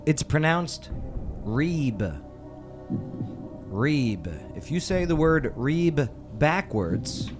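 A man hosting a casual trivia show, reading clues and joking with his guests, laughing often. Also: a little high. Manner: jokey, laughs often, animated. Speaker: host of a trivia game show.

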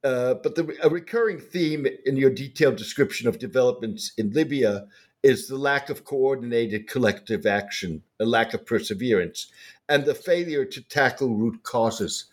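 A man interviewing an author, asking a long question with a few hesitations. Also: medium pitch. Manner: halting, with fillers before a long question.

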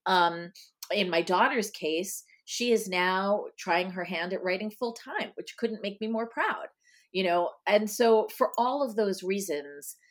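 A woman's voice: mid-range voice, lively intonation, measured pace. A middle-aged woman from Long Island, a guest in a casual interview, chatting with lots of ums and you-knows. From Long Island, New York. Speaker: guest, author.

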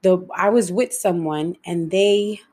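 A young adult woman giving a frank, emotional personal monologue, swearing freely and shifting between fast and slow delivery. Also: lowish voice, dark tone.

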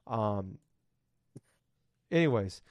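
A man's voice: on the low side, expressive, drawn-out words, a little mellow, no room sound. A man in his thirties hosting a casual podcast, rambling and ranting with lots of swearing. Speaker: podcast host.

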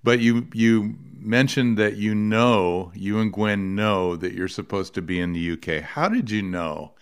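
A man hosting a conversational interview, friendly and quick to laugh. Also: lowish voice, steady tone, clean tone. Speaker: podcast host.

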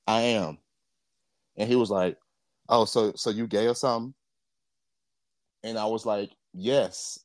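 A man's voice: mid-range voice, a little mellow, no room sound. A man co-hosting a podcast, talking in a blunt, profane and impassioned casual rant. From Jamaica. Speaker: podcast co-host.

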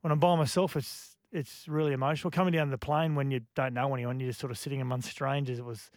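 A man, a radio guest, talking in a halting, reflective way with many restarts. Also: medium pitch, steady tone, darkish tone, no room sound, clean studio sound. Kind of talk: casual radio chat.

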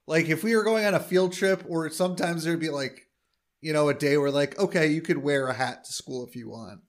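A man co-hosting a podcast in casual chat, relaxed and wry. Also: fairly high pitch, fairly quick. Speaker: podcast co-host.

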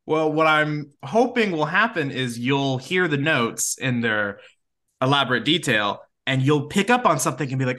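A man's voice: medium pitch, expressive, normal speed, pushed and bright. A man co-hosting a podcast in casual chat, teasing and telling stories with acted-out quotes, swearing now and then. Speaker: podcast co-host.

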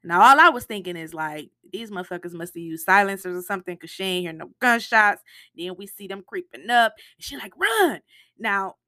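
Animated woman recapping a TV episode. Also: mid-range voice, a little fast, no echo, studio quality. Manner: animated and emotional, with slangy asides and cursing; acts out quotes from the show, sometimes in a hushed voice. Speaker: TV recap podcaster. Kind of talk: casual recap monologue.

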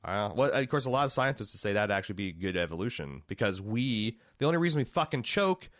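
A man's voice: lowish voice, big pitch swings, fast talker, fairly bright tone, no echo, studio quality. A man co-hosting a casual film review podcast, riffing with loose, profane jokes. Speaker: podcast co-host. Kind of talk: casual movie review chat.

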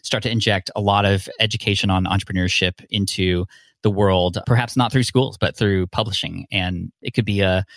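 A man with a fairly low voice hosts his own podcast in a relaxed interview chat. He sounds earnest and friendly. The recording is close and dry. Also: moderate pace, no room sound. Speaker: podcast host.

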